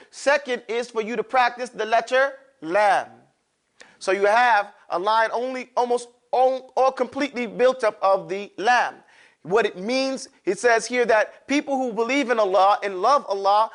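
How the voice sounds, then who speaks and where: A man with a high-pitched, fairly bright voice teaches a classroom lesson, drawing out sounds for students to repeat and tossing in playful asides. It's a call-and-response drill session.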